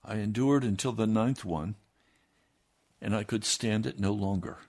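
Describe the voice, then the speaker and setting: A man reading a first-person memoir aloud in a steady storytelling manner. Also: lowish voice, unhurried. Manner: steady storytelling with lively acted quotes. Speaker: reader.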